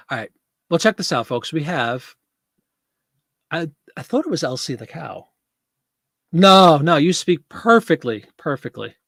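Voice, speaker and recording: Speaking slowly with long pauses, a man with a gravelly, slightly bright, high-side voice and lively intonation hosts a casual live selling stream. He rambles and laughs a lot, reading viewer comments aloud and answering them. Clean studio sound, no room sound.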